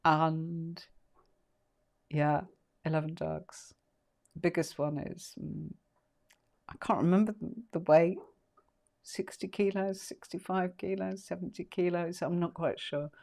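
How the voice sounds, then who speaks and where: A woman's voice: fairly low pitch, fairly even intonation, unhurried, creaky, long pauses, a little mellow. Woman hosting a casual tarot tutorial live, rambling and chatty, filler-heavy. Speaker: tarot teacher.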